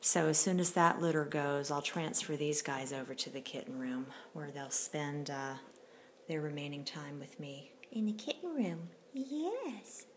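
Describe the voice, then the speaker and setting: A woman breeder chatting casually as she films her kittens at home, unhurried and full of fillers. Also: deep voice, flat delivery, a little hiss or hum. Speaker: cat breeder. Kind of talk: casual home video narration.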